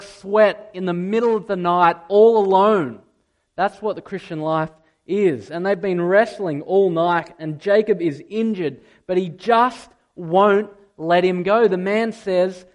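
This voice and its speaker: A man preaching a sermon to a congregation, swinging from loud emphatic peaks to quiet, intimate asides. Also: high-pitched. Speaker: pastor. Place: church hall with a live congregation.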